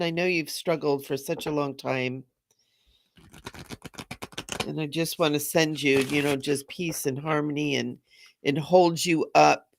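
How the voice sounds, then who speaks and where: A woman's voice: low voice, slight background noise. Middle-aged woman, bubbly, gushing, laughs a lot, spiritual livestream host. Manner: bubbly, gushing, laughs often, reads out viewer comments. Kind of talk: live-stream chat with viewers.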